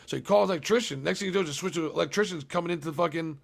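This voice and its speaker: A man's voice: fairly high pitch, racing, vocal fry. A young man recapping a movie on a casual live stream, rambling and swearing often and talking to his chat. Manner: profane, rambling, talks to chat.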